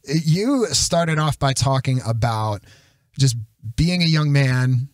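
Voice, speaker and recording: Male podcast host, mid-pitched, casual and chatty, dry close mic. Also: expressive, takes it slowly, no room sound. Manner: chatty, sings lines to illustrate. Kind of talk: casual chat.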